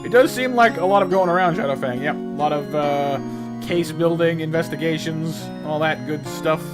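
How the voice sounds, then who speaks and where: A man's voice: a little high, moderate pace, over loud music. A man streaming a game, casually and cheerfully greeting viewers in chat. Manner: friendly greetings to chat, upbeat.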